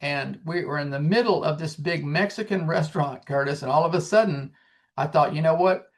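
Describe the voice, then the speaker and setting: Guy in his 60s, songwriter, tells stories all lively and heartfelt, bit higher voice than most men. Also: brisk. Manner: animated storyteller, acts out dialogue. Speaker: singer-songwriter guest. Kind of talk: casual storytelling.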